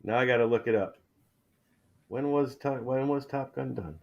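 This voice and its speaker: A middle-aged man hosting a casual chat, relaxed and chatty, often repeating words as he starts a thought. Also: mid-range voice, normal speed, gravelly, muffled recording. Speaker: channel host.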